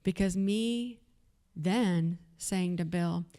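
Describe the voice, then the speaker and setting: A woman's voice: fairly low pitch, extremely slow, mellow. A woman with a Texas accent telling her own story to an audience at an event, candid and conversational, with many fillers. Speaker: event speaker. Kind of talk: personal story told to an audience. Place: event venue.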